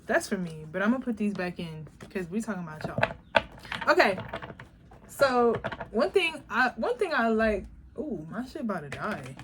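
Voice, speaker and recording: A woman giving a casual tarot reading, talking bluntly and profanely, animated and laughing often. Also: medium pitch, moderate pace. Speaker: tarot reader. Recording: background noise.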